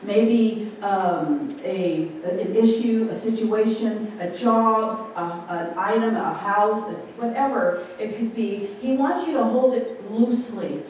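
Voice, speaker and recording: A woman's voice: medium pitch, takes it slowly, hardly any pauses, darkish tone. A woman giving an informal sermon in a conversational way, often asking her listeners questions. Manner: conversational, asks the congregation questions. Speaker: preacher. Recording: very echoey hall, distant mic, faint room noise.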